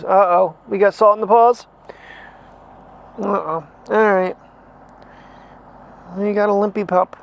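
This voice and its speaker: A man vlogging in a rambling, chatty way, talking to the camera and to his dog. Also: high-pitched. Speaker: daily vlogger. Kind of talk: casual chat. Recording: dull lo-fi sound, faint noise.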